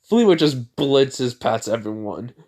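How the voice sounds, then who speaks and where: A man casually retells a fan-made story, rambling and stacking up filler words as he goes. His pitch sits in the ordinary middle range for a man. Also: animated, takes it slowly, darkish tone.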